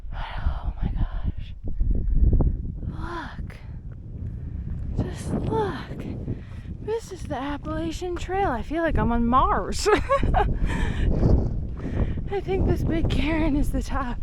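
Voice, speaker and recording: A woman chats into a handheld camera as she hikes a rocky mountain trail. Her fairly high voice swings widely between bright exclamations and hushed, nervous whispers. Heavy wind roars across the recording. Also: sing-song, slow, long pauses. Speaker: thru-hiker vlogger. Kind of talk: casual trail vlog. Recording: loud wind noise outdoors. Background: loud wind.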